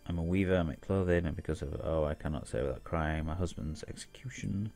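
A man's voice: extremely low pitch, quick pace, a little mellow. A man reading as a grieving widow. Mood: sorrowful. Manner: reads dialogue aloud plainly. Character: grieving widowed woman weaver and shopkeeper.

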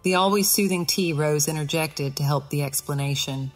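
Low-voiced woman reading an audiobook. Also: normal speed, few pauses, breathy edge, soft background music. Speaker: author narrator. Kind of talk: audiobook narration, first person.

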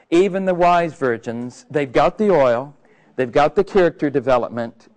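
A man's voice: a little high, darkish tone, poor audio. A male preacher giving a sermon in a conversational, earnest way, with many hesitations and fillers.

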